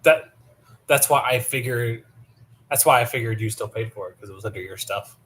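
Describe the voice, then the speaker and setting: Bright-voiced chatty man at a tabletop game. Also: mid-range voice, moderate pace. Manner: chatty, wanders into asides. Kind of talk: casual chat at a tabletop game.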